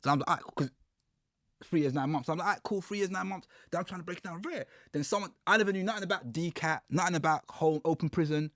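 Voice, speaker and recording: Animated man telling a story. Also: on the high side, quick pace, dry recording, studio quality. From United Kingdom. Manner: animated storyteller, acts out quotes with slang. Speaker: podcast guest. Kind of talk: casual storytelling interview.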